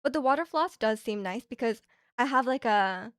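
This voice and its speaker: A woman's voice: on the high side, animated, normal speed, clear, resonant tone, dry recording, studio quality. A young woman streaming from Canada, telling a rambling, chatty story full of fillers and restarts. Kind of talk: casual chat. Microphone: streaming microphone.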